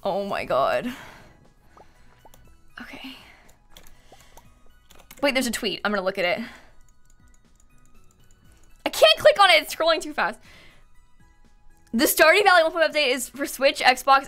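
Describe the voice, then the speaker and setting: A woman giving excitable live gaming stream commentary, swinging between panicked shrieks and quiet muttering. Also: on the high side, fairly quick, long pauses, soft background music.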